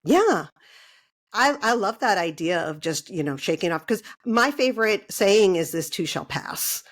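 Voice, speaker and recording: A woman hosting an interview, speaking in a measured, reflective and supportive way. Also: mid-range voice, sing-song. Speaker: podcast host. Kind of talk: warm conversational interview.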